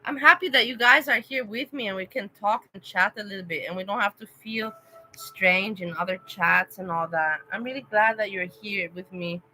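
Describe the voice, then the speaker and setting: A woman's voice: medium pitch, moderate pace, bright, forceful tone, a little hiss or hum, rough recording. A young woman chatting casually on a livestream, emotional and rambling as she talks to her viewers by name. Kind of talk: casual live-stream chat.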